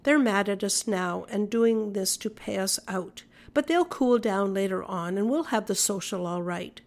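A woman's voice: medium pitch, a little slow, natural voice. A woman reading the lines of an easygoing male village storekeeper with a placid, reassuring manner.

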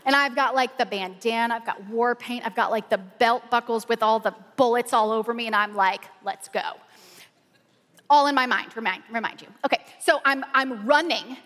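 A middle-aged woman pastor, telling a lively story in a casual, colloquial sermon style. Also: a little high, fairly quick, hardly any pauses. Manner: animated, colloquial storytelling with "y'all". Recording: long hall reverb.

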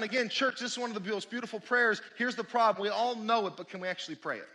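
Male pastor, high bright voice, animated sermon delivery with loud peaks and hushed asides. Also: quick pace. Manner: animated preaching, swings between loud exclamations and quiet asides.

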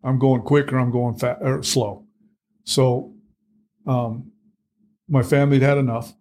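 A man's voice: mid-range voice, flat delivery, a little slow, a little mellow. A middle-aged man telling his own story in conversation, blunt and plainspoken, full of fillers and restarts. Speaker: guest.

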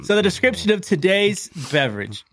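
A man's voice: high voice, fairly quick. A man co-hosting a podcast from a video call, talking in a playful way and hamming up a product description. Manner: playful, lively, mock-dramatic reading. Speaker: podcast co-host. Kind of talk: casual chat.

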